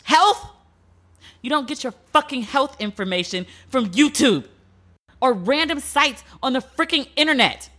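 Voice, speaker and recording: A woman's voice: sits high, expressive, normal speed, fairly bright tone. A young woman hosting a podcast, ranting in a blunt, profane, casual way with mock disbelief. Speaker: podcast host. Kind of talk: casual comedic rant.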